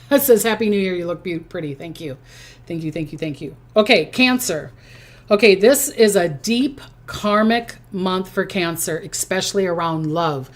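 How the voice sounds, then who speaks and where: A woman's voice: lowish voice, normal speed. A woman psychic giving a casual, chatty horoscope reading, repeating her phrases and reading out viewer comments as she goes. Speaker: psychic reader.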